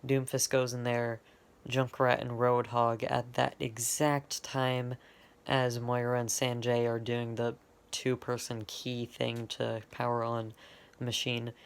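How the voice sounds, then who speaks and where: A man casually retelling his own fan-made story, rambling and stopping often to correct himself. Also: mid-range voice. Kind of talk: off-the-cuff fan lore retelling.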